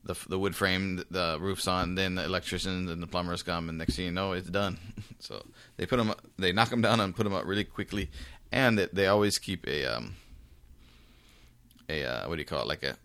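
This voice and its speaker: Male podcast host, very low voice, relaxed rambling delivery. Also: brisk, dry recording. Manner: easygoing, rambling with fillers and chuckles. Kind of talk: casual podcast talk.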